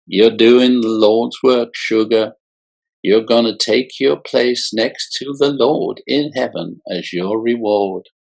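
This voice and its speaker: A man voicing a fanatical mother with a Mississippi Delta accent, a raw raspy purr and slow, sinister preaching. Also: mid-range voice, exaggerated voice. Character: unhinged mother, religious fanatic, purring.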